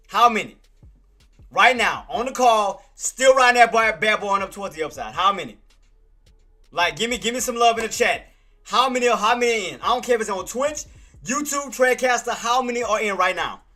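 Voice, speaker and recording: A man's voice: high voice, animated, brisk, bright, forceful tone, faint music behind. A man hosting a live trading stream, talking straight to his chat, repeating himself and swearing freely. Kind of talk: live market commentary.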